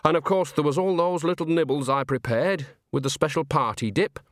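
A man's voice: on the high side, brisk, no echo, clean studio sound, voice pushed up, close to an everyday voice. A man voicing a cheerful, earthy old woman witch who talks in a rambling, folksy, sly way. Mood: chatty. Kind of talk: audiobook character voice.

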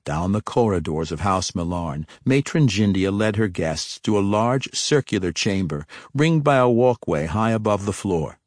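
A man reading a fantasy novel aloud as an audiobook narrator, in a measured storytelling way. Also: lowish voice, lively intonation, no echo, studio quality.

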